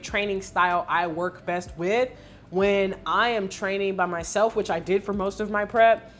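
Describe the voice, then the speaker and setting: Emotional woman fitness coach vlogging. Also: mid-range voice. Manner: emotional, expressive storytelling with many fillers. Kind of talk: candid vlog recap.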